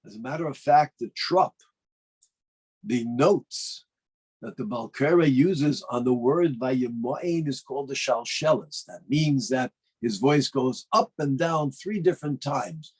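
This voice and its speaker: A man's voice: medium pitch, animated, measured pace, a little mellow, husky, rough recording. A man, a rabbi, giving a sermon in an emphatic manner that rises to fervent declarations.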